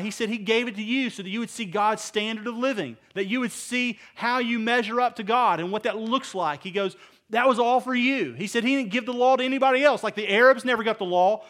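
A middle-aged male pastor preaching a sermon, emphatic, swinging between loud stresses and hushed asides and putting rhetorical questions to his listeners. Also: high voice. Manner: asks the audience rhetorical questions.

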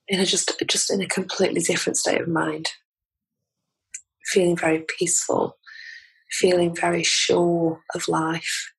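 A woman's voice: on the low side, vocal fry, husky, poor audio. A woman with an English accent, a podcast guest telling a personal story in a candid, heartfelt way. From England. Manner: candid, heartfelt, laughs between lines. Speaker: podcast guest, transformation coach.

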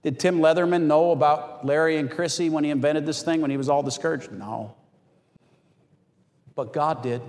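A man preaching a sermon as pastor, telling stories with animated acted-out quotes. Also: fairly high pitch, normal speed. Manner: animated storytelling, acts out quotes. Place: church hall. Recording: long hall reverb.

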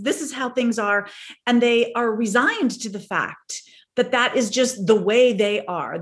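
A middle-aged woman, a parenting and team-building coach, speaking as a guest and telling stories in an earnest, animated way. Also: medium pitch. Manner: earnest, animated storyteller who acts out dialogue. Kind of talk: storytelling conversation.

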